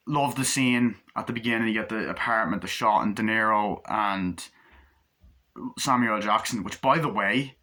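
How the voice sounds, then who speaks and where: A man's voice: on the low side, bright, forceful tone. A man casually rambling through a film review, swearing freely and using a lot of filler words. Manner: rambling, profane, many fillers. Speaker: movie reviewer.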